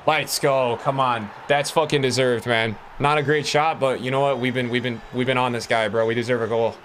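A young male gaming streamer plays a football video game, his medium-pitched voice fairly quick over slight background noise. His commentary is casual and excitable, full of swearing and remarks to his chat.

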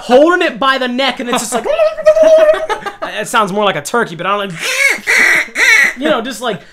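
Young male podcast host, American, rowdy storyteller who yells and laughs. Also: very high-pitched, normal speed, very noisy. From United States. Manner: animated, yelling and laughing through a story. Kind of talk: casual storytelling.

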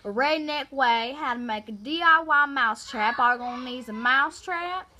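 A bright, high-voiced folksy Southern DIY host, put on by a woman. The delivery is loud and chummy, like a homemade tutorial. The accent is broad and playful. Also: normal speed, a little hiss or hum. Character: cheerful Southern DIY man-of-the-house type, how-to presenter.

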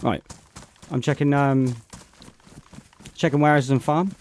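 A man's voice: medium pitch, steady tone, unhurried, a little mellow, a little hiss or hum. A British man live-streaming a game, chatting casually and greeting viewers by name as he plays. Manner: greets chat viewers by name between gameplay remarks. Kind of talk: casual live-stream chat while playing.

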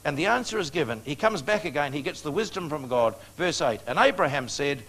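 A man's voice: on the high side, very animated, fairly quick, few pauses, a bit bright. An older man, preaching a storytelling sermon in a folksy, joking way and chuckling at his own anecdotes.

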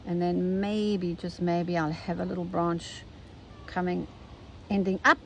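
A South African woman, older, talking casually and gently through an embroidery tutorial step by step. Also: lowish voice, flat delivery, measured pace, gravelly, a little hiss or hum, poor audio. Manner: chatty, gentle step-by-step instruction. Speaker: embroidery teacher.

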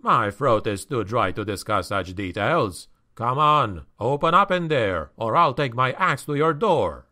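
A man voicing a surly, gruff male dwarf warrior who talks bluntly and scornfully. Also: mid-range voice, very animated, a little slow, hardly any pauses, sharp tone.

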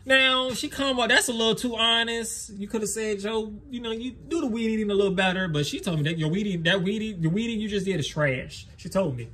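A man's voice: high voice, fast talker, few pauses, pushed and bright, husky. A young man, telling a wild story and laughing as he acts out the quotes. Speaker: lawn care vlogger. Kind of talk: animated storytelling.

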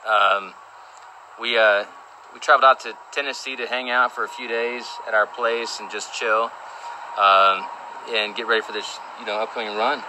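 A man chatting casually on a livestream from home, upbeat and relaxed as he promotes upcoming shows. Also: on the low side, moderate pace, background noise. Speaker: co-host of a livestream. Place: their home.

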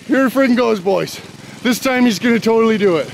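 A man filming his friends outdoors, giving profane, excited play-by-play and laughing and hollering often. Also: very high-pitched, brisk, creaky. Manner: swears constantly, laughs, hollers. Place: outdoors in a yard. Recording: outdoor camera audio with engine noise. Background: small engine revving.

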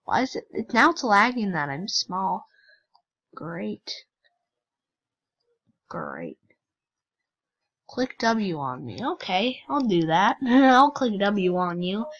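A woman's voice: mid-range voice, animated, slow, dull audio. A woman hosting a gaming channel, chatting casually and teasing other players as she plays. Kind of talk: casual game commentary.

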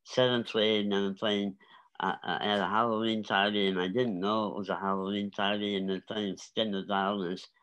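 A man in his seventies telling lively stories as an interview guest, often laughing and acting out voices. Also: on the low side, normal speed, highs cut off. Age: 70s. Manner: animated, laughing, acts out voices. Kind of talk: storytelling interview.

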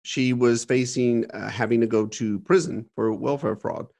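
A man's voice: mid-range voice, moderate pace, creaky, darkish tone. A middle-aged man telling a frank personal story as a podcast guest, repeating words and swearing casually. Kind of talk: candid storytelling interview.

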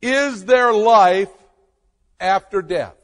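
With a drawn-out reverb ringing behind him, a male pastor preaches slowly in a high voice. He gives each word emphatic weight and lets long silences fall between phrases.

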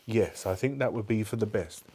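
A man's voice: fairly low pitch, moderate pace, dark tone, husky. A man voicing a guarded young woman gamer in a live book reading, speaking firmly in a raised voice.

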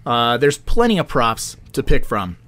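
A man's voice: mid-range voice, big pitch swings, a little slow, fairly bright tone. A man co-hosting a film podcast in casual chat, swearing freely and laughing often. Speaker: podcast co-host.

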